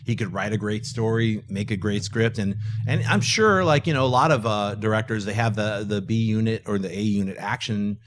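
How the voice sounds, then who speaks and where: A man co-hosting a casual movie-news chat, animated and joking. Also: fairly low pitch, moderate pace, few pauses, background noise. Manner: animated, jokey, breaks into goofy put-on voices. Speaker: co-host.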